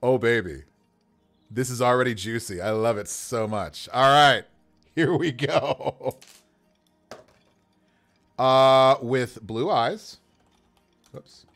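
A man's voice: mid-range voice, slow pace, fairly bright tone, soft background music. A man running a casual livestream as game master, rolling dice to build characters, talking to viewers with enthusiasm and frequent laughter.

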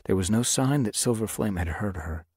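A man narrating an audiobook in a measured storytelling manner. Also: on the low side, lively intonation, darkish tone, husky, no room sound. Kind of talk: scripted narration.

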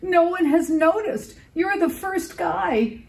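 A woman voicing a grumpy, scratchy-voiced female troll in a picture-book read-aloud, gruff and threatening. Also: medium pitch, big pitch swings, slow pace. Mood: touched. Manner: gruff, threatening, softening later.

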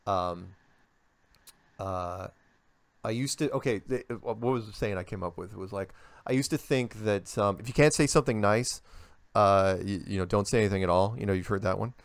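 Older guy, gravelly lowish voice, chatty storyteller doing little voices, dry close sound. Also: normal speed, no room sound. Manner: animated storyteller, acts out quoted voices. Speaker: interview guest. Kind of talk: casual conversational interview.

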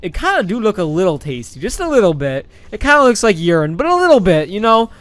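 Young male gaming YouTuber, high and smooth, dry close mic, goofy rambling commentary. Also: very animated, fast talker, no echo. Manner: goofy, rambling, playful, sudden loud outbursts. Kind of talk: let's play commentary. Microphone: desk microphone.

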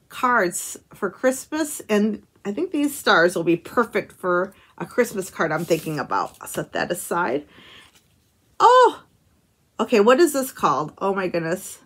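A woman's voice: medium pitch, slightly rough. A woman hosting a craft channel, chatting casually to camera as she opens handmade cards and stickers, gushing and exclaiming often with little chuckles. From United States. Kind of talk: casual unboxing chat to camera.

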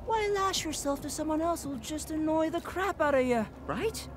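A man's voice: very high voice, expressive, normal speed. An actor playing a cynical young man in a video game who delivers blunt, sarcastic rants. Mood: ranting. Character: cynical young man ranting about love. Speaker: game character.

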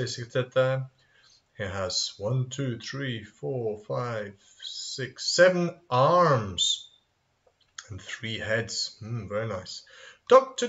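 Male kids' English teacher, bouncy sing-song delivery, unhurried, muffled lo-fi sound. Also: mid-range voice. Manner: animated, sing-song, models phrases and answers himself. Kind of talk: children's language lesson review. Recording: dull lo-fi recording.

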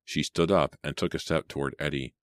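Very deep-voiced man reading a thriller. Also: fairly even intonation, brisk, no room sound, studio quality. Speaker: audiobook narrator. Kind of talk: dramatic audiobook reading.

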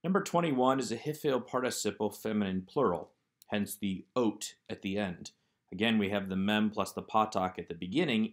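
A man with a somewhat low voice goes through workbook answers like a teacher recording a lesson. He explains each item step by step, calm and methodical, as a voice-over on slides. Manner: methodical, explanatory walkthrough of exercises. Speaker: Hebrew teacher.

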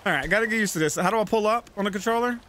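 A man giving gaming commentary, talking himself through moves and yelling and swearing at the game. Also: high-pitched, rapid-fire. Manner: swears a lot and yells at the game. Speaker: let's play gamer.

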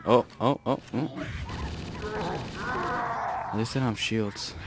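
A man's voice: mid-range voice, steady tone, takes it slowly. A young man commenting on his own gameplay, muttering panicky exclamations and swearing a lot. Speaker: let's play gamer. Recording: noisy gameplay recording.

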